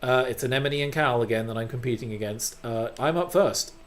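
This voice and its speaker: A brisk, medium-pitched male voice belongs to a gaming channel host. He gives casual commentary on his playthrough, mocking himself and swearing freely.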